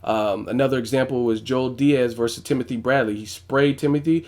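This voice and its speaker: A man's voice: medium pitch, steady tone, a little fast, darkish tone. A man giving casual, blunt boxing commentary on his vlog, with plenty of profanity. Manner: casual, blunt, profane, frequent "you know what I'm saying". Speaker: boxing YouTuber.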